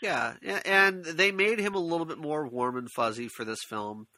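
A man's voice: fairly high pitch, moderate pace, bright, forceful tone, no room sound. A man co-hosting a casual movie talk, easygoing and joking, acting out little quotes. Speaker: podcast co-host.

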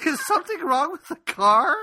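A man voicing his volatile, foul-mouthed old grandmother, a former Marine, in a shrill, indignant voice. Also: sing-song, moderate pace, bright, forceful tone, no echo, clean studio sound, exaggerated voice. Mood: disgusted.

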